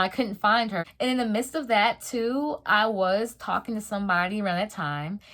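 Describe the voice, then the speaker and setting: A young adult woman telling a story in a casual storytime vlog, slangy and animated, acting out the voices of the people in it. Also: mid-range voice. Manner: animated, slangy, dramatic retelling. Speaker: vlogger.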